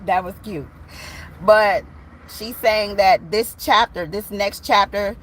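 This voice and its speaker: A woman's voice: mid-range voice, a bit bright, a little hiss or hum, rough recording. A woman, giving a casual tarot reading to camera and talking bluntly and animatedly straight to her viewers, swearing freely. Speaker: tarot reader.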